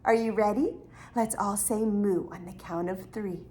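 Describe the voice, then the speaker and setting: A woman speech therapist leading a toddler language lesson, talking in a sing-song voice with exaggerated gasps and drawn-out words. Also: mid-range voice, fairly even intonation, warm tone, slight background noise. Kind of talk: toddler speech lesson over an app game.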